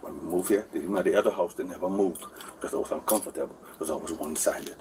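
This is a heated exchange caught on an officer's body camera, where a man in his forties with a deep voice talks fast to police. He keeps rambling, repeating himself and pressing them to agree, while the distant audio carries faint background noise.

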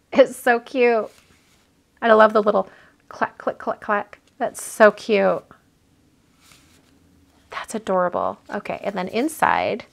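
A woman's voice: a little high, vocal fry. A woman hosting a casual livestream, chatting and gushing as she opens cards sent by viewers. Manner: gushing, chatty, thinks aloud with many fillers. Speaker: card-making livestream host. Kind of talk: casual live chat while opening mail.

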